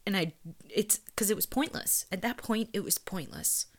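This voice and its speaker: A woman's voice: mid-range voice, big pitch swings, measured pace. A woman in casual chat, telling a personal story candidly with plenty of swearing and slipping into whispers for quoted lines.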